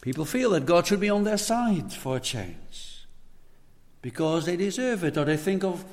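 A man's voice: high voice, sing-song, moderate pace. A man preaching a sermon in an earnest tone, repeating words as he presses his points. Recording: hall reverb.

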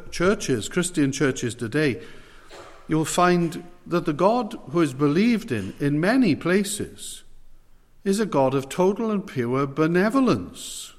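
A man preaching a sermon, emphatic and slowing down to stress key phrases. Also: on the high side, big-room sound.

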